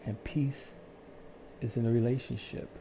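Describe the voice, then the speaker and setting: A man calmly telling his life story on his own channel, in a soothing, unhurried way with pauses. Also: mid-range voice, creaky, slight background noise. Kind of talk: slow reflective storytelling.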